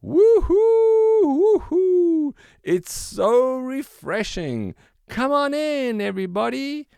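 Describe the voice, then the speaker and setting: A man voicing an excitable, daring young forest friend in a children's storybook. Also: a little high, takes it slowly, creaky, no room sound, clean studio sound, voice pushed up, heavily acted. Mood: excited. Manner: shouty and gleeful.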